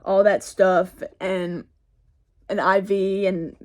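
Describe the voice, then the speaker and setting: A woman's voice: medium pitch, level tone, takes it slowly. A teenage girl telling a storytime tale in a casual, rambling way, full of "like" and "y'all", recorded on a phone camera. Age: teens. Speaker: vlogger. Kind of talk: get-ready-with-me storytime.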